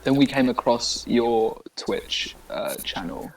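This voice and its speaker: A man from England chats as a guest over a call, his voice sitting at a middle pitch. He stops and starts often, filling the gaps with ums. A faint background noise sits behind him. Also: animated, slow, gravelly, low-quality recording. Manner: hesitant, many ums and restarts. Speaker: podcast guest. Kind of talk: casual chat over a call.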